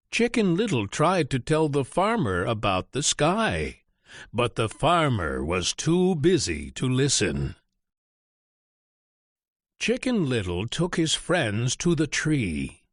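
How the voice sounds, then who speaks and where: A man reading a children's story aloud in an expressive, deliberate way. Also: mid-range voice, no room sound, clean studio sound. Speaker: narrator. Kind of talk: storybook read-aloud narration.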